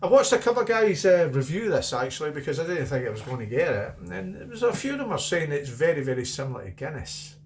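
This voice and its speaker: A man's voice: a little high, big pitch swings, quick pace, hardly any pauses, a little hiss or hum. Rambling Scottish man reviewing beer. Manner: rambling, chatty, repeats himself. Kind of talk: casual beer review vlog.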